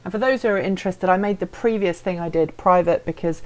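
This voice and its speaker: A woman chatting through a live stream from her home setup, playful and self-deprecating as she reads out viewer comments. Her voice sits a little low for a woman, and she talks in a loose, friendly way. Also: fast, a little mellow.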